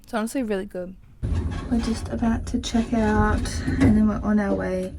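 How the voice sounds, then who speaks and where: A woman's voice: medium pitch, fairly even intonation, normal speed, background noise. A young woman from Australia chatting through a casual travel vlog, telling stories with lots of "like" fillers. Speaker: travel vlogger.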